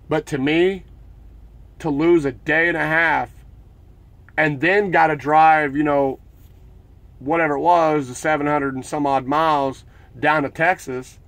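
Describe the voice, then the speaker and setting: A man's voice: on the high side, fairly bright tone, no echo. A man who drives his own truck, casually retelling a run-in at a loading dock and acting out his protests. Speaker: owner-operator truck driver. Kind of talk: casual storytelling vlog.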